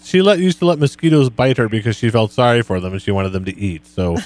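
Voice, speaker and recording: A man hosting a podcast interview, talking in a relaxed, friendly way as he asks his guest questions. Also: medium pitch, fast talker, heavy background noise. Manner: relaxed, friendly, reads quotes back to the guest. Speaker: podcast host. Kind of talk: conversational interview.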